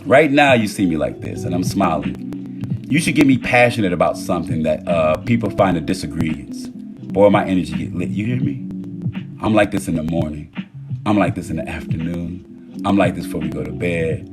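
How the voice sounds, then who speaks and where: A man talking casually about love and energy on a phone live stream, animated and profane, swinging between loud bursts and low murmurs. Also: normal speed. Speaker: TikTok live host. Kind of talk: casual motivational monologue. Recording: music playing clearly behind.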